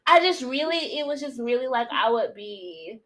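A woman's voice: on the high side, animated, moderate pace, fairly bright tone. A woman co-hosting a podcast in candid casual chat, often laughing and acting out quoted lines. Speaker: podcast co-host.

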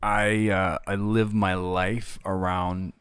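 A man hosting a podcast, responding in an earnest, reflective way with frequent "uh" and "um" pauses. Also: low voice, little pitch movement, a bit bright, smooth, dry recording, studio quality. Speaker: podcast host. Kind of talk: podcast conversation.

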